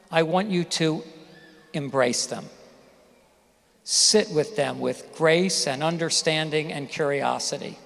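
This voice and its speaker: A man's voice: fairly high pitch, creaky. Man giving a graduation speech in a hall. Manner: storytelling, addresses audience directly with questions. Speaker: commencement speaker. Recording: reverberant hall.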